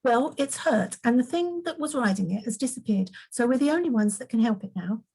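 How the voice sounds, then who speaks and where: A woman reading a gentle, determined little princess. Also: on the high side, animated, a little fast, vocal fry, slightly rough, voice pushed up, full character voice, rough recording. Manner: gentle and soothing. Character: kind determined young princess girl. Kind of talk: storybook reading.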